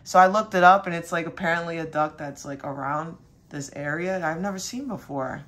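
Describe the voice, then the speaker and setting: Woman with a lowish voice, casual rambling storytelling, lots of fillers and swearing, young adult. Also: brisk, fairly bright tone. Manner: rambling, full of fillers and mild cursing; quotes her dad in a higher voice. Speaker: spiritual reader.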